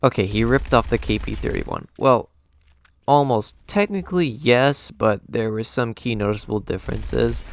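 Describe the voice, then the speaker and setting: A man's voice: mid-range voice, very animated, moderate pace, vocal fry. A man giving a jokey, sarcastic game review commentary over gameplay. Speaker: gaming channel host.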